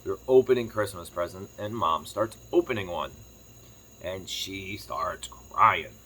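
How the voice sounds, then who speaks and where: A man chatting casually to camera as a farm vlogger, telling a rambling story quickly while sitting on his kitchen floor. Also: low voice, fairly bright tone, a little hiss or hum. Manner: rambling, fast-talking storyteller.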